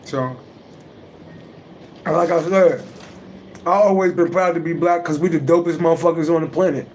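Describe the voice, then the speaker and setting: Swearing heavily, this astrology reader hosts a casual livestream and speaks bluntly and emphatically. His slightly high voice has a darkish tone at normal speed, with a little hiss or hum in the audio.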